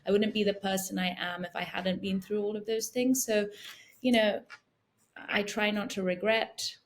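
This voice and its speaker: A woman in her forties, a guest in an interview, speaking in a soft, reflective way with many "you know" fillers. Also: mid-range voice, fairly even intonation, moderate pace. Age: 40s. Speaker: guest, founder. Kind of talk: casual interview talk.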